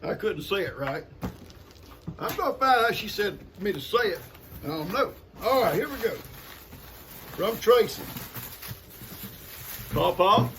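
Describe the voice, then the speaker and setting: A man's voice: high voice, big pitch swings, unhurried, long pauses, fairly bright tone. An older man, chatting casually and folksily to camera while opening gifts and talking to his pets. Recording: noisy home recording.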